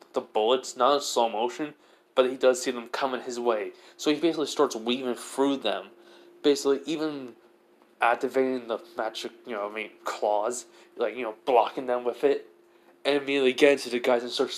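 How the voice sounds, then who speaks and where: A young man improvising a fan story aloud, rambling with many fillers. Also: medium pitch.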